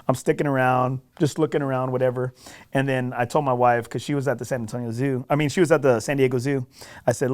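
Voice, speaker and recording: A man on a podcast telling a golf story in a casual, animated, self-deprecating way, often checking in with "right?". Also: medium pitch, quick pace.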